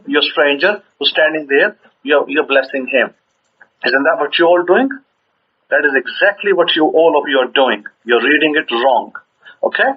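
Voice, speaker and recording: Husky man teaching scripture, lo-fi. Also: a little high. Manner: conversational, repeats words, chuckles while explaining. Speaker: religious teacher. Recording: dull lo-fi recording.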